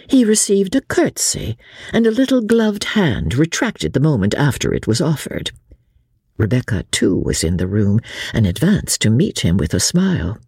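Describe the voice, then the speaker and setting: A woman narrating a classic novel aloud with expressive, varied storytelling. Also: a bass voice, husky, dry recording, clean studio sound. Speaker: audiobook narrator.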